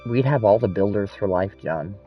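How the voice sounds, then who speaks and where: A man's voice: fairly low pitch, fairly quick, dull audio, faint music behind. A man in casual chat, telling long rambling stories full of swearing. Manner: rambling, profane storytelling.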